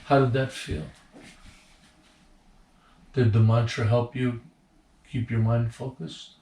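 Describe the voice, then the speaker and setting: A man calmly and patiently explaining meditation techniques as a teacher, in a relaxed conversational way. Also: mid-range voice, takes it slowly, slight background noise. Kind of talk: guided instruction, conversational. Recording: roomy, distant mic.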